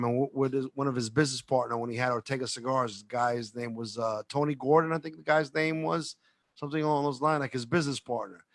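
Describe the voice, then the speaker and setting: A cigar-industry man speaks from home over a video call, his mid-range voice free of echo. He's animated, winding through a story with many restarts and side comments.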